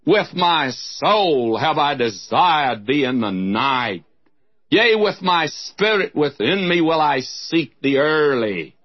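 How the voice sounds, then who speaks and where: A man's voice: fairly high pitch, dry recording, muffled recording. A man teaching a sermon on scripture in an earnest, direct way, speaking straight to his listeners. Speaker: Bible teacher. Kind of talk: radio Bible teaching sermon.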